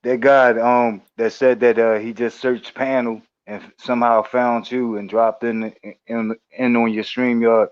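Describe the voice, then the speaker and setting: A man calls into an online panel and talks in a blunt, dismissive way. His voice is at an ordinary pitch, and it comes through dull, lo-fi call audio. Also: flat delivery, measured pace, clear, resonant tone. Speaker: panel guest. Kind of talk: casual livestream panel chat.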